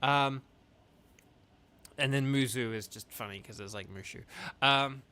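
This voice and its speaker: A man's voice: medium pitch, a little slow, sharp tone, smooth. A man streaming a video game and chatting casually, rambling with lots of fillers and laughing asides.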